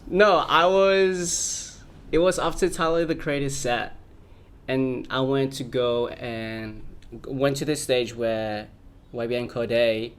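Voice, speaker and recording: A man's voice: mid-range voice, takes it slowly, clean tone. A man hosting a podcast, telling a story in casual chat, laughing and acting out the people he quotes. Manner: animated, laughing, acts out quoted voices. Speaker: podcast host.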